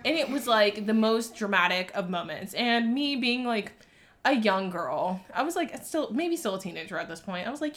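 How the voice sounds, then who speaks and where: A woman in her twenties telling a story in casual chat, animated, laughing and saying "like" a lot. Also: medium pitch, moderate pace. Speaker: storyteller guest.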